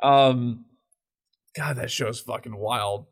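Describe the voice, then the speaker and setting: A young man co-hosting a casual podcast, telling excited, profane stories and slipping into put-on quotes. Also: mid-range voice, takes it slowly. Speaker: podcast co-host. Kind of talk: casual chat.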